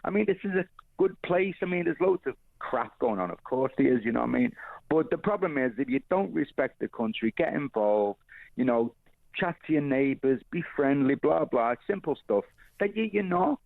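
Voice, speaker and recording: Male phone-in caller, gravelly voice, rambling and earnest, tinny line. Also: mid-range voice, lively intonation, normal speed, no echo. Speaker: radio caller. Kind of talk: phone-in call.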